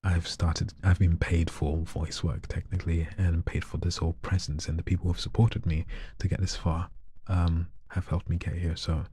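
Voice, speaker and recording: A man chatting casually on a live stream, soft-spoken and shy, often slipping into whispers. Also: low voice, little pitch movement, normal speed, breathy edge, no room sound. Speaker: live streamer and hobby voice artist.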